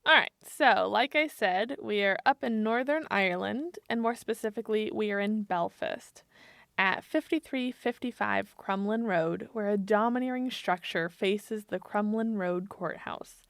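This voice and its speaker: A woman's voice: medium pitch, a little slow, gravelly, a bit bright, dry recording. Playful woman podcast storyteller, dry sound. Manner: playful, laughs between facts. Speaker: podcast co-host telling the week's story. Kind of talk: casual storytelling chat. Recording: dry close-mic podcast audio.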